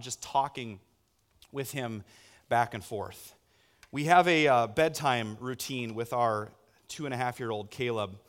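A man in his thirties preaching a sermon as a pastor, telling stories with sudden loud bursts. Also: mid-range voice.

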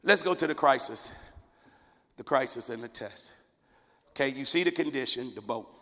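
A man's voice: mid-range voice, normal speed, sharp tone, big-room sound. A man preaching a sermon to his congregation in a church, fervent and conversational with call-and-response. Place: church sanctuary.

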